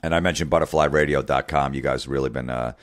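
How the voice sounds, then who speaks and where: A man's voice: extremely low pitch, steady tone, quick pace. A man hosting a podcast, talking casually in a profane, ranting, sarcastic way. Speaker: podcast host.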